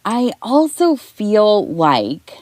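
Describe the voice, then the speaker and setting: A middle-aged woman giving a soft-spoken ASMR tea leaf reading, rambling and talking in circles, close to the mic. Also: mid-range voice, huge pitch swings, very slow, no room sound. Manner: rambling, talks in circles with restarts.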